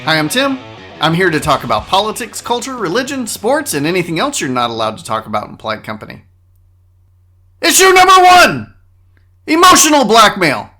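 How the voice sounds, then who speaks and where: A man's voice: on the high side, very animated, fast, pushed and bright, faint music behind. A man hosting his own podcast, delivering a comedic monologue with sarcastic, mock-boastful asides. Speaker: podcast host.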